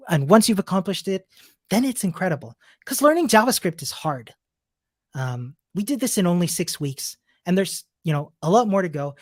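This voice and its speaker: A man's voice: on the high side, no echo, clean studio sound. A man teaching a coding bootcamp, wrapping up a live-streamed class and answering viewer questions in an upbeat, encouraging, chatty way. He laughs often and restarts his sentences. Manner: laughs often between remarks.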